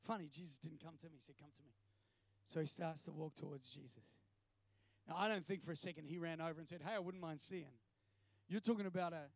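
A man preaching a sermon, telling a personal story and acting out his prayers with animated delivery. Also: a little high, vocal fry, dry recording.

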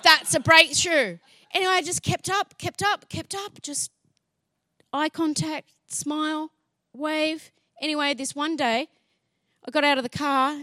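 High-voiced woman telling a lively testimony. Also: a little slow, no room sound. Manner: lively, acts out dialogue, laughs often. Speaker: speaker sharing a faith testimony. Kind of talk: animated storytelling testimony.

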